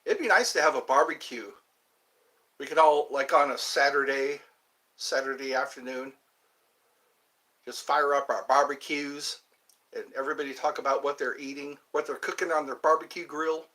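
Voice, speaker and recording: A man hosting a casual livestream, rambling and answering viewer comments with halting fillers. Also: a little high, steady tone, bright, forceful tone, a little hiss or hum. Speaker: livestream host. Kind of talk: casual live chat with viewers.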